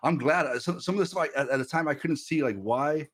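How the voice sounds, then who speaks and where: A man in his thirties preaching casually on a livestream through a headset mic, animated and quick to repeat himself and laugh. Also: a little high. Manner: animated, repeats words and restarts, laughs often. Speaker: streamer preacher.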